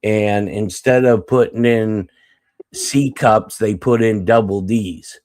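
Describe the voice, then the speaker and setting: A man's voice: lowish voice, takes it slowly, darkish tone. A man on a live stream telling a long story, cursing freely and breaking into laughter between lines. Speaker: guest storyteller. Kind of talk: casual live-stream chat.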